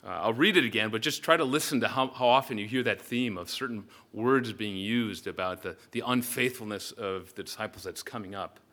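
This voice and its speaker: A man's voice: fairly low pitch, a little fast, hardly any pauses, fairly bright tone. A man preaching a sermon as pastor, earnest and reflective, often restarting his sentences.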